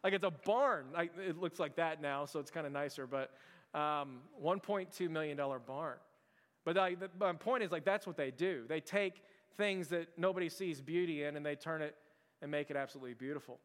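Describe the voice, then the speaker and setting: A man preaching a conversational sermon at a quick clip, his voice a touch higher than most men's. He talks loosely, with lots of "like" and self-corrections. The sound carries a long church-hall reverb. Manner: chatty, heavy use of "like" and restarts. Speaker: pastor. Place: church sanctuary.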